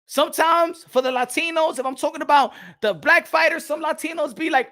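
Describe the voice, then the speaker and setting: A man's voice: extremely high pitch, a little fast, bright, forceful tone. A man from the Caribbean hosting a boxing channel, ranting bluntly and repetitively, swearing and slipping Spanish phrases into his English. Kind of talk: opinionated rant to camera.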